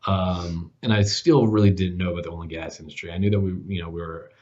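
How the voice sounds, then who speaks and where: A man's voice: sits low, fairly even intonation, fast, darkish tone. A man in his forties telling a career story in a casual interview, rambling with many fillers and acting out the dialogue. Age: 40s. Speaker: podcast host as guest. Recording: dull lo-fi podcast audio.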